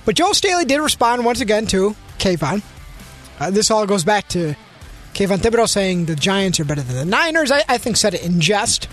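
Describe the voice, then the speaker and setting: A man co-hosting a sports talk show, delivering news with dry, deadpan jokes. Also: high-pitched, fairly quick, faint music behind. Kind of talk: casual sports chat.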